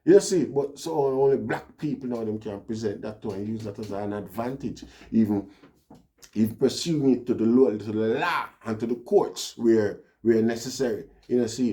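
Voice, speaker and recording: Mellow-voiced Jamaican man telling a story. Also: fairly low pitch, normal speed. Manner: rambling, peppered with "you know, see". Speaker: vlogger. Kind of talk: casual storytelling monologue.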